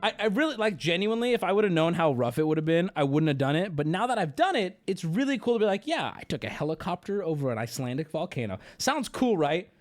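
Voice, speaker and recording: Animated, profane young man streaming. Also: high voice, quick pace, few pauses, soft background music. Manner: rambling, profane, animated storytelling. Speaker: streamer host. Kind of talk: casual livestream chat.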